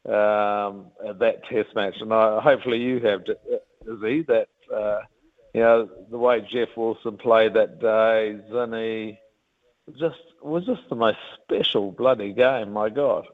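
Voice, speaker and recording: A man in his fifties from New Zealand with a New Zealand accent, telling rugby stories as an interview guest in a rambling, animated way. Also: lowish voice, a little slow. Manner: rambling, animated, many restarts. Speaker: guest, former rugby captain. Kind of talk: casual interview storytelling. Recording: tinny phone-like line.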